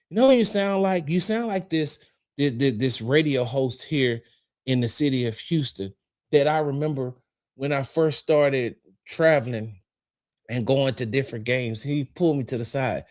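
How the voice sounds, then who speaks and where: A man hosting a livestreamed football talk show. He rambles with animated energy, talks straight to chat viewers, and drops profane, confrontational asides. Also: mid-range voice, normal speed. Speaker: sports talk show host.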